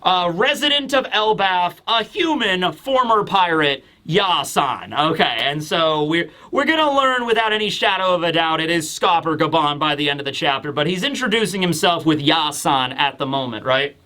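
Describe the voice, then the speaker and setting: A man casually reviewing a manga chapter, animated and acting out scenes with voices. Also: a little high, normal speed, hardly any pauses. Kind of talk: casual video commentary.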